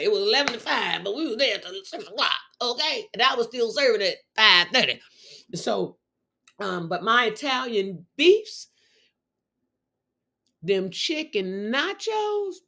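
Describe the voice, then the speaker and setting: A woman's voice: medium pitch, a bit bright. A middle-aged woman hosting her show, telling a story in a casual, exuberant way full of exclamations. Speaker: show host.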